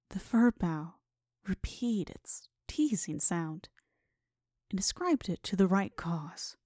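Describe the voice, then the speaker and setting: A woman narrates slowly, dropping often into a hushed, whispery delivery as she reads aloud. The sound is dry and close, with no room around it. Her pitch sits in an ordinary middle range. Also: no room sound. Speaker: host, librarian. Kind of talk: scripted narration and dramatic reading.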